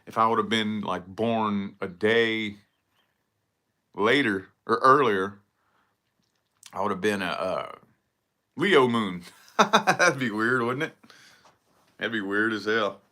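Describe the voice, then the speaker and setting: A man's voice: lowish voice, slow, pauses often, bright, forceful tone. A man talking casually to camera in a solo vlog, rambling and swearing freely as he picks apart his own habits. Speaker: vlogger.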